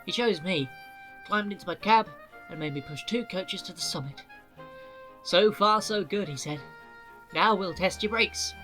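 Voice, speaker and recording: A man voicing a calm, wise older male engine who talks in a gentle, thoughtful way. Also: high voice, a little slow, pauses often, soft background music, pitched above the performer's own voice.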